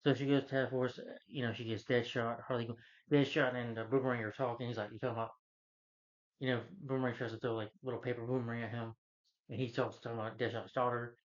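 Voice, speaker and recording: A man in a mid-pitched voice talks through a film plot in a loose, rambling way, leaning on fillers. The recording sounds dull and lo-fi. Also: little pitch movement, fast. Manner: rambling, full of fillers like "you know" and "like". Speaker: film reviewer. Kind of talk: casual spoken movie recap.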